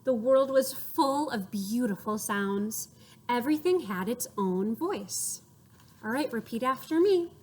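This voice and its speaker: A woman reads a picture book aloud to children at a slow, deliberate pace, with a fairly high voice. She is expressive and playful, acting out sounds and inviting the children to repeat after her. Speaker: storyteller for children.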